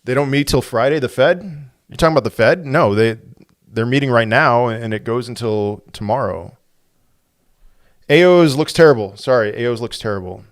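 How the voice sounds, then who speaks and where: A man's voice: mid-range voice, moderate pace, no echo, studio quality. A man hosting a crypto livestream, chatting casually, thinking aloud and answering viewer comments with frequent restarts.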